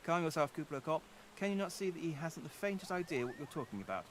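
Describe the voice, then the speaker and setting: A man's voice: on the high side, lively intonation, fast, a little hiss or hum, voice pushed up, lightly acted. A man reading the lines of a stately, stern elder woman leader in formal, old-fashioned phrasing. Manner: formal, archaic, commanding.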